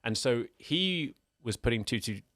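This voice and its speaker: A man's voice: mid-range voice, expressive, measured pace, a bit bright, dry recording, clean studio sound. A man co-hosting a casual podcast chat about fatherhood, telling stories in a reflective way and laughing easily. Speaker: podcast co-host, father of two.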